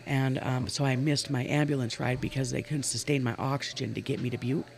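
A woman's voice: a bass voice, fairly even intonation, brisk, gravelly, darkish tone. A woman in her forties from Montana, a guest telling stories earnestly and with animation, often laughing as she talks. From Montana, USA. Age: 40s. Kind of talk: casual storytelling in an interview.

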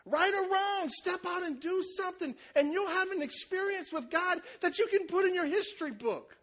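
A man preaching a sermon, telling a lively story and acting out the voices of the people in it, with shouts at the high points. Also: normal speed. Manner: animated, acts out voices, shouts at peaks. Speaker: pastor.

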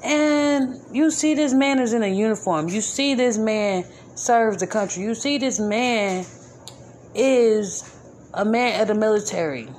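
A woman's voice: mid-range voice, unhurried, darkish tone, slight background noise. A woman hosting a podcast episode, speaking casually and informally, repeating her points with indignant emphasis. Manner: informal, colloquial grammar. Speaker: podcast host. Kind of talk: casual spoken commentary.

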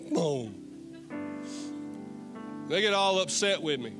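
Speaking in a slightly high, expressive voice at a measured pace, this pastor leaves long pauses as he delivers his sermon. Soft guitar worship music drifts across the church stage as he alternates between passionate pleas and humorous storytelling.

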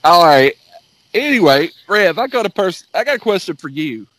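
A man co-hosts a podcast with quick, casual reactions. His slightly high voice swings widely in pitch and stays lively from line to line. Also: slight background noise, low-quality recording. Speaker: podcast co-host.

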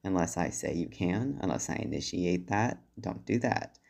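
Deep, gravelly man leaving a voicemail. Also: animated, normal speed, darkish tone. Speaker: voicemail caller. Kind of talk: recorded voicemail monologue.

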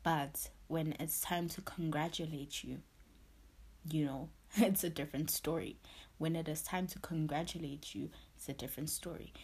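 A woman's voice: low-pitched, a little mellow, husky. A woman hosting a podcast, sharing a heartfelt personal monologue while close to tears, filling her talk with "you know" and "literally". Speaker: podcast host.

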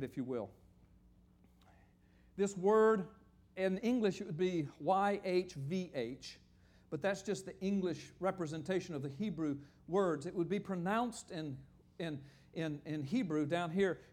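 A man with a high voice preaches to a congregation in a church hall. He explains things in a conversational way and asks for the next slide as he goes. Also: darkish tone. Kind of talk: sermon with slides.

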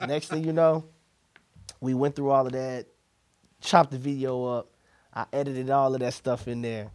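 A young man telling a story in casual chat, animated, laughing and acting out what people said. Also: medium pitch, normal speed. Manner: animated, laughing, acts out quotes.

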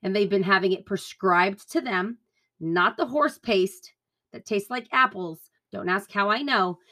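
A woman's voice: mid-range voice, a little slow, sharp tone. A woman hosting a podcast, delivering an angry, profane, rambling political rant. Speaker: podcast host.

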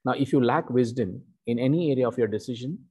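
Male preacher, husky warm tone, deliberate emphatic sermon delivery. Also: mid-range voice. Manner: slow, emphatic teaching with repeated "okay" and "you know".

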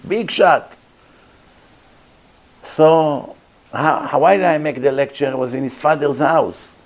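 A man's voice: medium pitch, slight background noise. A man, a rabbi telling a story in a lecture, acting out the voices of the people in it and laughing often.

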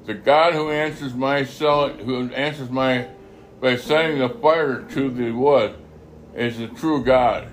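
A man reading a Bible passage aloud, halting often to repeat and correct his phrases. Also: medium pitch, steady tone, slight background noise. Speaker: scripture reader.

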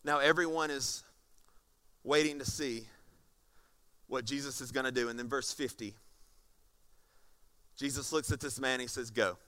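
A pastor preaching a sermon to a congregation, animated and acting out scenes, moving from soft tones to loud passages. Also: male voice, medium pitch, unhurried, pauses often. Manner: animated, swings from soft to shouting. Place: church stage before a congregation.

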